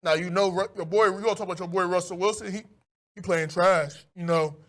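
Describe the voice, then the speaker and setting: A man doing an impression of a gruff, mumbling male basketball pundit. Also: steady tone, a little fast, a bit bright. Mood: dismissive. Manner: low mumbling drawl.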